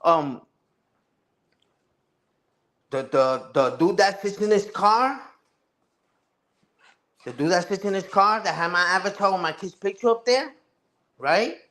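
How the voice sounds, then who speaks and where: High-voiced man ranting on a live stream. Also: lively intonation, measured pace, pauses often, a bit bright. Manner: profane, repetitive, keeps asking "you heard?". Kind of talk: casual live-stream rant.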